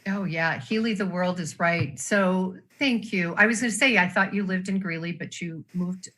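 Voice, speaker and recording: Bright woman hosting a group call. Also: lowish voice, moderate pace. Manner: warm, effusive introductions. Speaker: call host.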